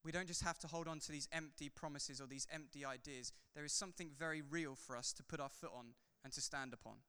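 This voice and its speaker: A man who is a pastor, preaching a sermon in a church hall, swinging from loud fervor to soft, chatty asides. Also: on the high side, fairly even intonation, fast talker, clean tone. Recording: long hall reverb.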